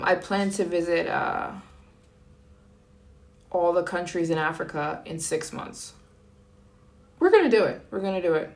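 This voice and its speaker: A young American woman chatting casually on a live stream, greeting and thanking viewers as they join. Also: lowish voice. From United States. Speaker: travel vlogger live streaming.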